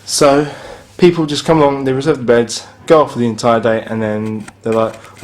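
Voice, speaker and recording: A man's voice: medium pitch, moderate pace, slight background noise. A man with an ordinary, mid-range voice talks his way through a hotel review as he films. He is blunt and a little sarcastic, grumbling about broken fittings in a casual, offhand way. The sound is that of a handheld camera in a hotel room. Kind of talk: casual spoken review while filming.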